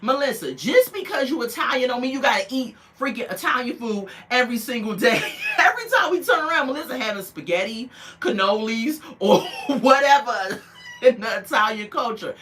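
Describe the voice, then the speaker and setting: A sassy woman talks through a reality show episode in a casual, chatty way. Her voice is bright and forceful, and she keeps switching into mocking voices to play each person she quotes. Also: on the high side, lively intonation, moderate pace, a little hiss or hum. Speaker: reality TV recap host. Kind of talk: casual recap commentary.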